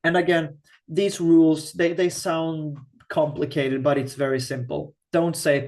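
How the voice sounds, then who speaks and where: Slow, patient male language teacher. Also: on the high side, little pitch movement, a little mellow. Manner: thinks aloud, slow and patient, frequent restarts. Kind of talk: screen-share grammar lesson.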